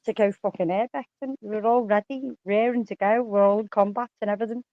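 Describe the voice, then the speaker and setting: A woman's voice: mid-range voice, fairly even intonation, quick pace, no room sound, narrow, tinny audio. Swearing, chatty woman. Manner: swears a lot, laughs often, rambling anecdotes. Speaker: guest on a live chat stream. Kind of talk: casual chat.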